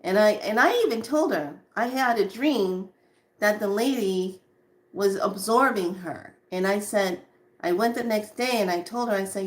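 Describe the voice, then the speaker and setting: A woman recounts a personal story in a loose, animated way. She doubles back on her words and keeps the telling lively. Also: mid-range voice, normal speed. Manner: animated, repeats words and acts out quotes. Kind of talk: casual storytelling.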